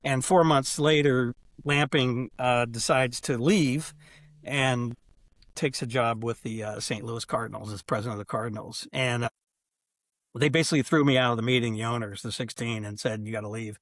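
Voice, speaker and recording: Clean studio sound with no room noise captures a mid-range male voice at a moderate pace. The speaker, an older sports executive, is a podcast guest in a relaxed storytelling interview. He tells lively anecdotes, acting out the dialogue of old conversations.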